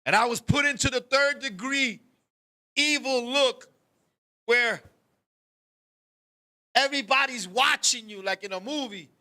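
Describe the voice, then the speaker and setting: A man co-hosting a talk show, telling a comic story in an animated, profane way and acting out scenes with sudden shouts. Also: very high voice, unhurried, pauses often. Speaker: podcast co-host.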